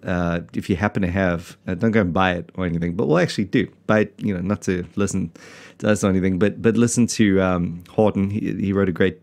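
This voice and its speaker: A man's voice: sits low, fast talker, few pauses, darkish tone. A man from South Africa hosting a casual podcast, rambling and self-mocking with lots of fillers and restarts. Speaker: podcast host, pastor.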